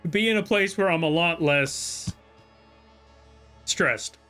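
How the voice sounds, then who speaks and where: A man's voice: sits high, lively intonation, extremely slow, bright, forceful tone, soft background music. A male streamer in casual livestream chat, rambling and exasperated, often correcting himself mid-sentence. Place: home room.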